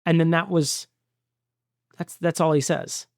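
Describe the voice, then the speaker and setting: Goofy, gravelly male podcast host. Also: a little high, fairly even intonation, measured pace, no room sound, clean studio sound. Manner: goofy, riffing, scatting nonsense. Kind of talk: casual chat.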